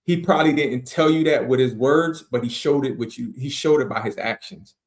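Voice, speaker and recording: A man's voice: mid-range voice, a little fast. A man from South Carolina, a motivational speaker and interview guest, talking in a reflective, slangy way. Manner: reflective and slangy, steady and earnest. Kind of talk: casual interview conversation.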